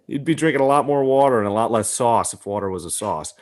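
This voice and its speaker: A man's voice: mid-range voice, expressive, fast talker. A young man co-hosting a podcast in casual chat, ranting animatedly and swearing often, with frequent laughter. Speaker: podcast co-host.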